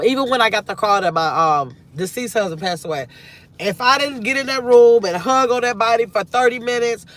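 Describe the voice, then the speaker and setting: A woman's voice: mid-range voice, a bit bright. A middle-aged grandmother hosting a casual live chat from her car, rambling and reflective as she reads viewer comments aloud. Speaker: livestream host.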